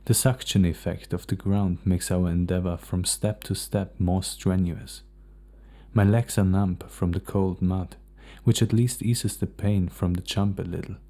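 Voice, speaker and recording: An audiobook narrator reads a first-person novel aloud at a steady, measured pace. His very low, gravelly voice has a dark, mellow tone, and the reading is calm.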